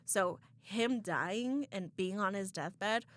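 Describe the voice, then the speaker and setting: Young woman co-host, mid-pitched, dry mic, tells a breakup story frankly. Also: slow, no echo. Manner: candid, emotional retelling with quoted dialogue. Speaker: podcast co-host. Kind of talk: casual chat, storytelling.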